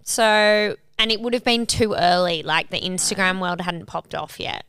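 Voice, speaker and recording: A young woman co-hosting a podcast in casual chat, animated and sweary, summing up for listeners. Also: fairly low pitch, moderate pace, smooth. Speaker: podcast co-host.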